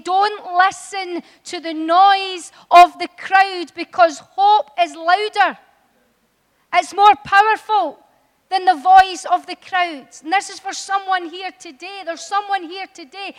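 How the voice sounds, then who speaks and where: A woman preaching a sermon in a church, impassioned and building to loud, emphatic appeals. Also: extremely high pitch. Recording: long hall reverb.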